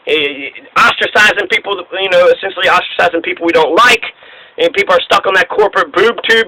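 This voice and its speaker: A man's voice: high voice, bright, forceful tone, low-quality recording. Fiery, foul-mouthed man ranting. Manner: angry, profane, sarcastic. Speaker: political commentator. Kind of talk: profane ranting monologue.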